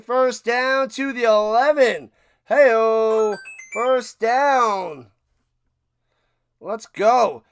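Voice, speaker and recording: Excitable high-voiced man calling football. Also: vocal fry, clear, resonant tone, dry recording. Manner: excitable, bursts into loud calls. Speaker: streamer doing play-by-play. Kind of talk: casual live play-by-play commentary.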